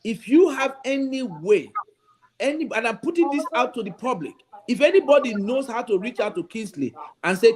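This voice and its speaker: A man's voice: extremely high pitch, very animated, normal speed, slight background noise. A man, a bishop speaking as a guest on a talk show, earnestly pleading and acting out the dialogue he recounts. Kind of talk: talk-show interview, storytelling.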